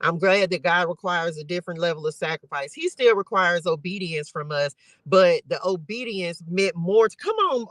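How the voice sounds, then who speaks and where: A woman's voice: lowish voice, normal speed, fairly bright tone, no room sound, rough recording. A woman hosting a casual Bible study livestream, talking emotionally and straight to her viewers. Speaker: livestream host.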